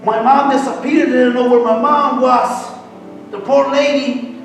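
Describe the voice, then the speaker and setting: High-voiced man giving halting church testimony. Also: fairly even intonation. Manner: halting, repeats words often while searching for them. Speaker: church speaker sharing a testimony. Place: church sanctuary. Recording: echoey hall, distant mic, faint music.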